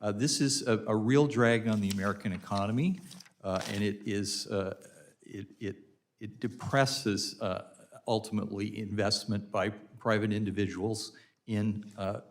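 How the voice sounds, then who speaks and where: A man testifies as a witness at a hearing in a lowish voice. He answers in a measured way, filling his pauses with frequent "uh" sounds. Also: steady tone. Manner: many uh fillers, measured. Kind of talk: answering a question.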